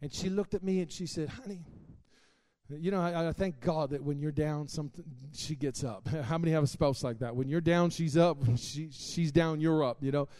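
A man preaching a sermon, telling a personal testimony with strong emotion that swings between hushed confession and loud exclaiming. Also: fairly high pitch, moderate pace.

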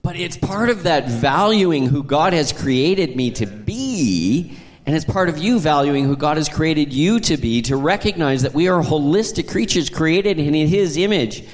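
A man's voice: a little high, expressive, measured pace. A man preaching a sermon as a pastor, telling stories in a conversational way with chuckles. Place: church sanctuary. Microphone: handheld microphone. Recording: long hall reverb.

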